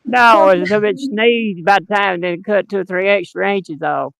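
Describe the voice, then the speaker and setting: Gravelly folksy man, dry sound. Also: high-pitched, moderate pace, a bit bright, no room sound, low-quality recording. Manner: rambling, folksy, chuckling. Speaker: livestream guest. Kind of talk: casual joke-telling chat.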